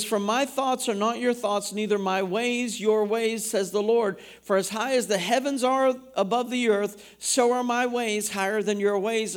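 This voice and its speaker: A man, a pastor, preaching a sermon in a church, reading scripture aloud and asking the congregation questions. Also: high voice.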